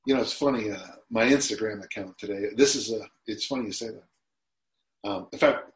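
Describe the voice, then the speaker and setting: A man's voice: fairly low pitch, normal speed. Reflective man in his sixties, roomy sound. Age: 60s. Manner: reflective, emotional at times. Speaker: guest. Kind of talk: podcast interview. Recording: roomy echo.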